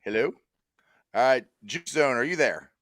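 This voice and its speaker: A man's voice: mid-range voice, expressive, moderate pace, a bit bright. A man hosting a live video chat, upbeat and greeting callers. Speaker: host.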